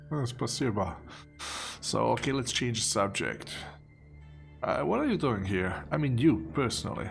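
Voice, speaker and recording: A man's voice: mid-range voice, big pitch swings, normal speed, vocal fry, soft background music. A man hosting a let's play, chatting casually and amused as he plays, rambling with fillers. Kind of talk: casual gameplay commentary.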